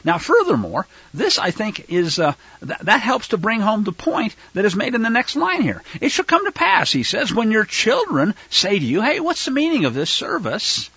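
A man teaching scripture with a fervent, animated delivery, his pitch swinging widely as he talks to the listeners. His voice is bright and a bit husky. The sound is dry and slightly dull. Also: moderate pace, dry recording. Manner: fervent, rises to loud denunciation; conversational asides to listeners. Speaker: fellowship teacher.

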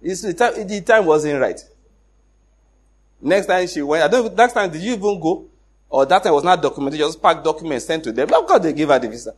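A middle-aged Nigerian man with a Nigerian accent, telling a personal story in an animated way, acting out the dialogue and laughing often. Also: a little high, brisk, slightly rough. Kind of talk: casual storytelling.

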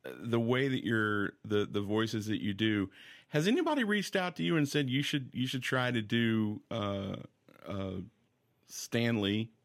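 A man hosting an interview, asking casual, halting questions with frequent restarts. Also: mid-range voice, lively intonation. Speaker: interview host.

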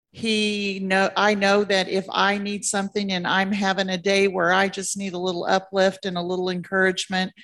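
Sincere woman speaking in an even tone. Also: mid-range voice. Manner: heartfelt and sincere. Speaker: administrator of a senior home. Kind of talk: panel interview.

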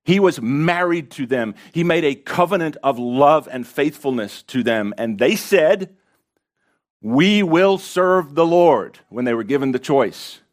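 An impassioned male pastor delivering a sermon in a church sanctuary. He speaks at a medium pitch and presses rhetorical questions on the congregation, swinging between quiet, earnest stretches and forceful emphasis. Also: expressive, normal speed, hardly any pauses.

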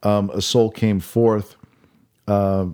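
A man's voice: on the low side, little pitch movement, takes it slowly, warm tone, clean tone. A man, a podcast guest, telling a story in a meandering, earnest way in casual conversation.

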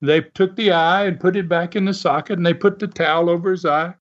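This man's high-pitched voice stays fairly even and moves briskly. He's a podcast co-host spinning wrestling stories in a loose, rambling way, packed with fillers and restarts, and the recording has a dull lo-fi quality.

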